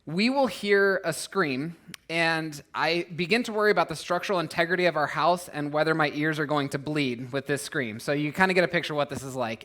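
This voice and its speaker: A man's voice: fairly high pitch, a bit bright. Earnest male pastor preaching conversationally. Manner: earnest, conversational preaching with frequent "right?" asides; acts out voices and rises in volume for emphasis. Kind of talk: sermon. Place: church.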